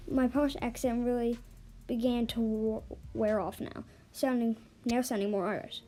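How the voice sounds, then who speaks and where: A woman's voice: a little high, fairly even intonation, moderate pace, mellow. A woman reading an online forum story aloud, with small stumbles and restarts along the way. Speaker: story reader. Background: faint background music.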